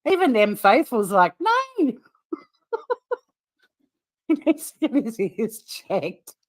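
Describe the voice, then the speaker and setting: A middle-aged woman with an Australian accent hosting a casual livestream, blunt and quick to swear, often breaking into laughter as she chats. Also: medium pitch, very animated. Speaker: livestream host. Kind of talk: casual livestream chat reacting to a clip.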